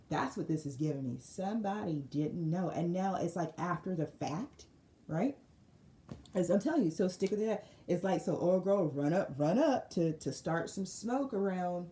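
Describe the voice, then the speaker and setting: Dark-voiced woman giving a slangy tarot reading. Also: fairly low pitch, moderate pace, echoey room, a little hiss or hum. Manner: animated storytelling, slangy, repeats phrases. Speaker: tarot reader. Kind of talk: casual spiritual tarot reading.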